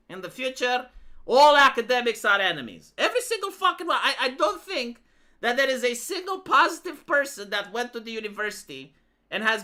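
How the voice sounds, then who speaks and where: A woman's voice: a little high, bright, forceful tone. A woman streamer giving casual reaction commentary, ranting and swearing as she talks to her chat. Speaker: live streamer reacting to videos.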